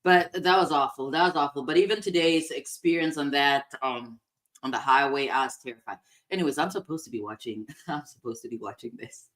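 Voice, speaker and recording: A woman co-hosting a podcast, telling a story in a casual, animated way with big swings in loudness. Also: low voice, brisk. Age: adult parent of a young child. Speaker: podcast co-host.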